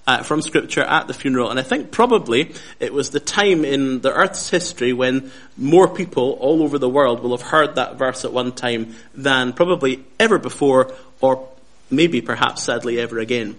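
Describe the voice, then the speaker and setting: A man preaching a Bible study, measured and lively, who often repeats his key phrases for emphasis. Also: medium pitch. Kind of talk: sermon.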